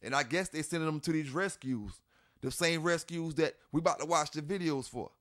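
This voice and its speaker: Man, high-pitched, channel host, heated rant, blunt, repetitive, swearing. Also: brisk, fairly bright tone. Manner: fired-up, blunt, swearing, repeats himself, laughs scornfully. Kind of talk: ranting commentary to camera.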